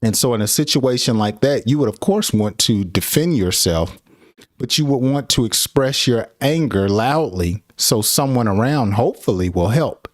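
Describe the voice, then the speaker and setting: A man's voice: mid-range voice, lively intonation, moderate pace, no room sound, studio quality. A middle-aged man giving a casual English lesson, laughing often and acting out angry example phrases. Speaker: English teacher.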